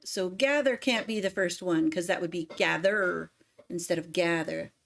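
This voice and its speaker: A woman's voice: lowish voice, moderate pace, creaky, a bit bright. A woman hosting a music livestream, chatting casually and singing lines to test lyrics, often poking fun at herself. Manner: self-deprecating, sings lyric lines to test them. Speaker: livestream host, singer.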